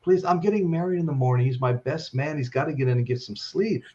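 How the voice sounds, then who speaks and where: A man's voice: fairly high pitch, quick pace, a little mellow, natural voice. A man voicing a panicky young groom who pleads, with dull lo-fi sound. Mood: pleading.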